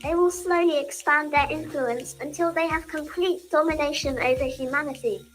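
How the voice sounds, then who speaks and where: A woman's voice: sits high, fairly even intonation, normal speed, faint music behind, lightly acted, rough recording. A woman voicing a chirpy British robot toy. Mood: cheerful. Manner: cheerful and scripted. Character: talking toy robot plotting world domination.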